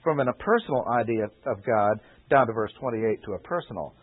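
A man teaches scripture in a measured, deliberate way, repeating his key phrases for emphasis. His voice sits at an ordinary middle pitch. The recording is thin and tinny, like an old radio broadcast. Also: lively intonation, slightly rough. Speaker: preacher. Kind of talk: expository Bible teaching.

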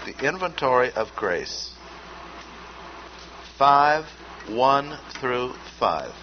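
Male Bible teacher, mid-pitched, emphatic and deliberate, dull lo-fi recording. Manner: measured, emphatic, repeats key words. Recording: dull lo-fi recording with faint noise.

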